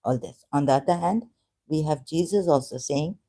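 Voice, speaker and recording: Mellow, halting Urdu-native speaker. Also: medium pitch. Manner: hesitant, halting, with many fillers and restarts. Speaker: ex-Muslim vlogger. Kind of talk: casual religious monologue.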